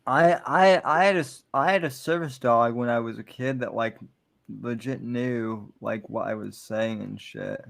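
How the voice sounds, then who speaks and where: Halting, gravelly-voiced podcast man. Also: mid-range voice, fairly bright tone. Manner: halting, stumbles and repeats words. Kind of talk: casual podcast chat.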